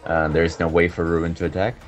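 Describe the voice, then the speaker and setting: A man's voice: low voice, level tone, fast, dull audio, faint music behind. A man playing a tabletop game, hesitant and laughing between moves. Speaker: player. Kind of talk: casual tabletop game chat.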